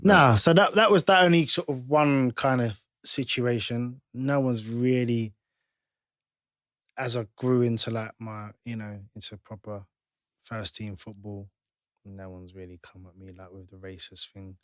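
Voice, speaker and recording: A man, a podcast guest telling stories from his playing days in an animated, halting way full of restarts. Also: mid-range voice, no echo, studio quality. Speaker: podcast guest, former footballer. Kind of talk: casual storytelling.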